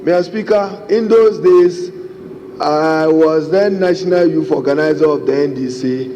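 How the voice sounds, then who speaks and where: A man's voice: a little high, a little slow, mellow. Ghanaian man giving a parliamentary speech. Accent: Ghanaian English. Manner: formal oratory, addressing the Speaker repeatedly. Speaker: member of parliament. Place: parliament chamber. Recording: reverberant chamber with faint noise.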